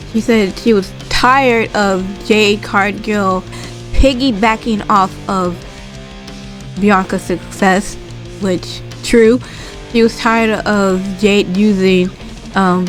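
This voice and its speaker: Chatty woman recapping wrestling, faint music behind. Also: slow. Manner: animated retelling, acts out quotes in a higher voice; chatty with frequent fillers and asides. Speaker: wrestling commentator recapping a show. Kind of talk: casual recap vlog.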